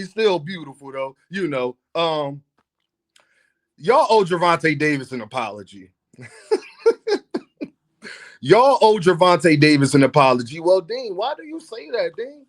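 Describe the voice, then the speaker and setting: Host: Philly man, high voice, playful, teasing, chatty vlog delivery. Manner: playful, teasing, laughs often, addresses viewers as y'all. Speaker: boxing commentary host. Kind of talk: casual vlog commentary.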